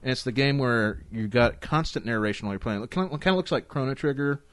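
A man hosting a casual gaming podcast, rambling excitedly and swearing now and then. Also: medium pitch, fast, clear, resonant tone, dry recording. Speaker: podcast host.

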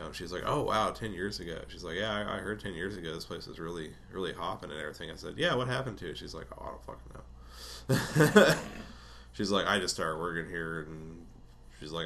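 A man's voice: deep voice, vocal fry, fairly bright tone, a little hiss or hum. A man casually telling a rambling personal story, swearing often and laughing between lines.

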